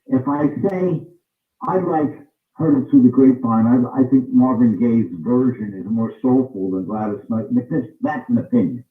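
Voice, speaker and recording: A man's voice: medium pitch, moderate pace, far from the mic. Man explaining on a tinny, roomy line. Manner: emphatic, repeats points for stress. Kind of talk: interview answer, explaining. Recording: tinny phone-like sound, roomy, off-mic.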